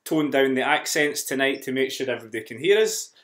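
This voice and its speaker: A man with a West of Scotland accent, hosting an interview in a friendly, measured way with some fillers. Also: mid-range voice, animated, a bit bright. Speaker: host.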